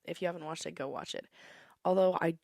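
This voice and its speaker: Chatty young woman podcasting, low voice. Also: fairly even intonation, fast talker, gravelly, darkish tone, dry recording, studio quality. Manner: chatty, opinionated, breaks into song. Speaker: podcast host. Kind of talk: casual solo podcast monologue.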